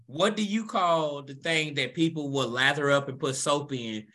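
A man from Louisville with a Kentucky accent hosting a casual chat, brash and teasing, swearing freely and firing back quick comebacks. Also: on the high side, bright, forceful tone.

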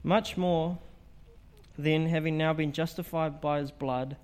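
Earnest man preaching, slightly high voice. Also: fairly even intonation, measured pace, a little mellow, clean tone. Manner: earnest, emphatic preaching with rhetorical questions. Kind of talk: evangelistic sermon.

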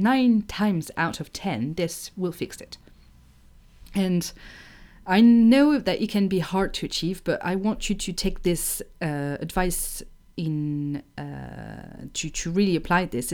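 A young woman from France with a French accent, a native French speaker, giving an emphatic, animated online lesson on pronunciation. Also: fairly low pitch. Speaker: French teacher.

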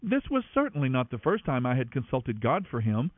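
A man's voice: mid-range voice, wildly swooping pitch, brisk, no echo, voice pushed down. A man reading aloud and voicing a loyal priest who earnestly defends himself before the king. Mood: pleading. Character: pleading loyal male priest. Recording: tinny narrow-band radio, dry.

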